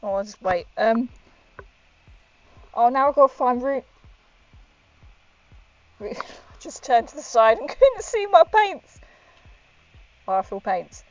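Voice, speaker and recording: A woman's voice: a little high, lively intonation, slow pace, pauses often, slight background noise. Giggly woman streaming, muffled lo-fi sound. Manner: giggly, chatty, talks to viewers while working. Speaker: livestreamer painting miniatures. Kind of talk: casual live-stream chat. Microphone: wearing a helmet that muffles her voice. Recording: dull lo-fi stream audio with faint music.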